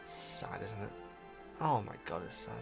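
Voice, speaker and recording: A man hosting a casual book reaction, animated and emotional, with frequent restarts. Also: on the low side, a little slow, vocal fry, faint music behind.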